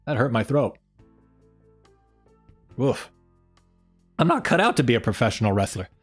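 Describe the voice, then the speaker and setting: Man streamer, casual and rambling, lively pitch, faint music behind. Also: normal speed, husky. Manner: rambling, self-mocking, trailing off. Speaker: streamer host. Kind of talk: casual live-stream chat. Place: home room by an open window.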